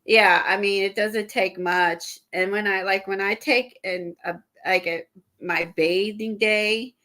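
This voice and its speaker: A woman chatting casually on an art livestream, a little out of breath and stuffy, rambling with halting fillers and restarts. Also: mid-range voice, fairly even intonation, bright, forceful tone. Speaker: guest showing art supplies.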